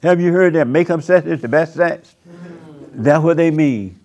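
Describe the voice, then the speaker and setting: A man pastor preaching a sermon at a church service, with slow, emphatic, drawn-out phrasing. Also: fairly high pitch, a little mellow.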